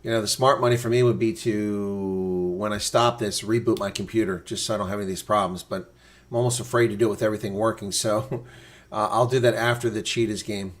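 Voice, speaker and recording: A man with a lowish voice gives brisk live play-by-play reaction commentary. He's excitable, blunt, and opinionated, and his voice climbs sharply during big plays.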